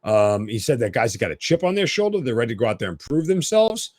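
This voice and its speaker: A man's voice: mid-range voice, very animated, fast talker, a little mellow, no room sound, clean studio sound. A man hosting a sports talk podcast, giving opinionated, emphatic commentary.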